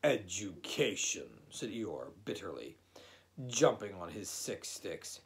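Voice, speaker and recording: A man narrating a children's storybook at a slow, easy pace. His voice has a lively, lilting melody, and he reads in a gentle, unhurried way. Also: low-pitched. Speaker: audiobook reader.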